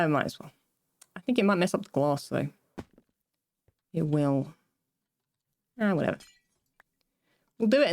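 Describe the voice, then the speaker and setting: While building in a game, a streamer with a voice on the low side chats casually with her viewers. Her talk rambles, she breaks off mid-sentence, and she laughs often.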